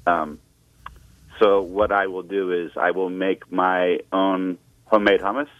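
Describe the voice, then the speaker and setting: A man with a very deep voice phones in to a radio show, working through what he says haltingly with many pauses. The audio is a thin, tinny phone line that sounds dry and close. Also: flat delivery, dry recording. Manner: halting, lots of fillers. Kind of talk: casual phone chat.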